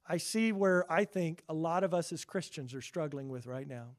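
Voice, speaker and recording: A man preaching a sermon, swinging from loud emphasis to soft, slow earnestness. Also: fairly high pitch.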